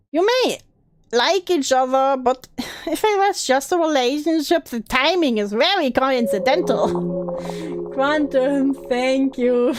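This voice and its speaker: A woman's voice: high voice, a little mellow, no echo. A young woman talking casually on a stream, emotional and swearing, laughing often.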